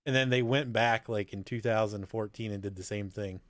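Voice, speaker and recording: A man's voice: on the low side, fairly quick, no echo. A man chatting casually on a live video call, teasing and laughing easily. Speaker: live chat regular.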